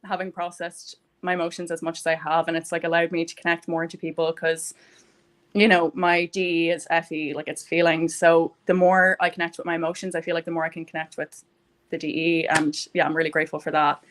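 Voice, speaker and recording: Young woman with a low voice, heartfelt casual chat, lots of likes and ums. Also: flat delivery, a little fast. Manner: rambling, heartfelt, many fillers. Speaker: guest. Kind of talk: casual personal conversation.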